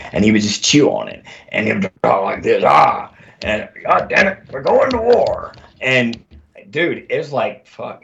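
A man who is an army veteran, telling stories as a guest in a casual conversation, animated and profane, on a dull lo-fi recording. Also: mid-range voice.

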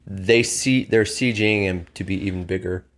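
Casual male co-host, very low voice, chatty, quick asides. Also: fairly bright tone. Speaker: podcast co-host. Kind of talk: casual chat.

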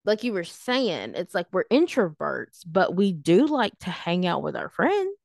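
A young woman co-hosting a podcast, talking casually in a rambling, animated way and acting out what people said. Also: fairly low pitch, unhurried, creaky, no room sound, clean studio sound. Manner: rambling, animated, acts out quoted voices. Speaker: podcast co-host. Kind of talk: casual chat.

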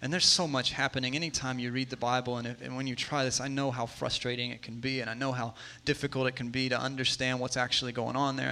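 A man in his thirties preaching a sermon in a conversational way, moving between hushed asides and emphatic stretches. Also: mid-range voice. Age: 30s. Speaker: pastor.

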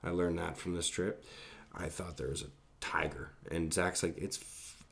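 A man's voice: low voice, steady tone, normal speed, gravelly, fairly bright tone. A young man telling a casual, profanity-laced anecdote in a rambling way.

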